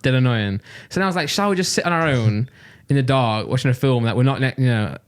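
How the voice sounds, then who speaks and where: A man from Nottingham with a Midlands accent, co-hosting a casual podcast and telling an exasperated, animated story. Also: medium pitch, fast talker. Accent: English Midlands. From Nottingham, England. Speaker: podcast co-host.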